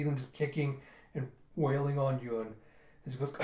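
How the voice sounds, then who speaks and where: A man casually retelling a manga chapter for his readers, slipping into quick voices for the characters. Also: mid-range voice, fairly even intonation, a little mellow, reverberant. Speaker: manga reviewer reading aloud.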